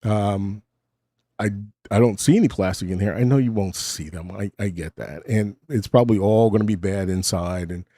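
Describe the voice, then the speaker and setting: A man's voice: on the low side, moderate pace, mellow, no echo. A middle-aged man hosting a casual late-night monologue at his desk, rambling and self-mocking. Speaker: host. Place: home desk.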